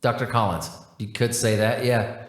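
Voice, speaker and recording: A man's voice: on the low side, moderate pace, close to an everyday voice. A man voicing a confused, polite scientist who speaks hesitantly and apologizes often. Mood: unsure. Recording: roomy echo.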